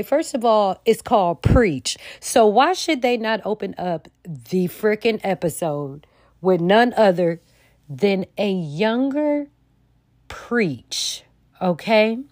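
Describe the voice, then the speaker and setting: Slow-talking animated woman host. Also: medium pitch, no echo, studio quality. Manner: animated, slangy, talks straight to listeners. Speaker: podcast host recapping a TV show. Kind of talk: casual recap monologue.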